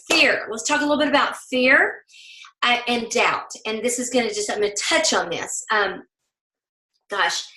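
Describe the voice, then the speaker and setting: A woman with a Southern accent gives a motivational team talk at a fast clip, slipping into the voices of doubt and encouragement as she goes. Her voice is bright and sits fairly high. The room around her rings with a noticeable echo. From American South. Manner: fast-talking, acts out inner voices. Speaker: team leader.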